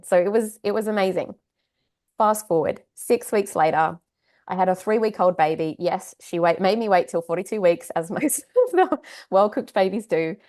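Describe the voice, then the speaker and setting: A woman in her thirties tells her own story as a podcast guest. Her voice sits at an ordinary middle pitch. She talks candidly and chattily, and her delivery is heartfelt. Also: a little mellow. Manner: candid, chatty, heartfelt, with laughs and side asides. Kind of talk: casual personal storytelling.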